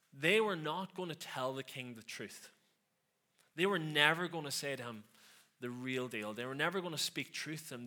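A man's voice: medium pitch, bright, forceful tone. A man preaching a conversational sermon, with sarcastic asides and frequent questions to the listeners.

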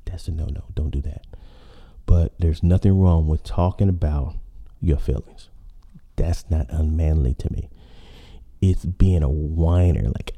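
A man's voice: low-pitched, normal speed, creaky, muffled recording. A man hosting a podcast, talking in a rambling casual monologue full of fillers and restarts. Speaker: podcast host.

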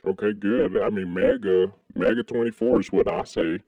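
A man from Kentucky co-hosting a crude comedic podcast, talking in an animated way with sudden high exclamations. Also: moderate pace, dry recording, narrow, tinny audio. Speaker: podcast co-host.

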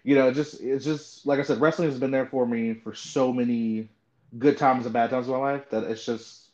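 A man's voice: mid-range voice, moderate pace. Guy hosting a chill podcast, lots of like and um, acts out quotes, kinda muffled lo-fi sound. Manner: animated storyteller, acts out quoted voices. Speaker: podcast host. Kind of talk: casual chat. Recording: dull lo-fi sound.

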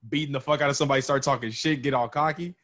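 A man's voice: medium pitch, steady tone, racing, a bit bright. A young man in casual chat, bantering loosely with lots of slang and frequent laughter.

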